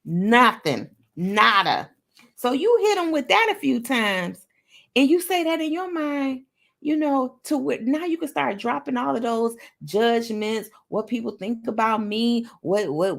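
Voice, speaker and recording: Woman, motivational host, very gravelly voice, emphatic, repeats affirmations, playful sing-song. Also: on the high side, animated, unhurried, a bit bright. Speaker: motivational talk show host.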